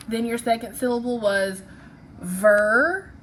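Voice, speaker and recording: A woman's voice: a little high, expressive, takes it slowly, fairly bright tone, a little hiss or hum. A woman teaching a phonics lesson, patiently sounding out syllables and letters one by one.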